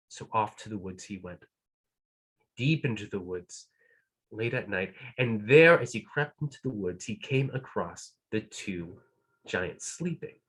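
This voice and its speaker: Slow, breathy animated storyteller man. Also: lowish voice. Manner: animated, playful, shifts between hushed and loud. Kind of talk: told folk tale. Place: live storytelling event.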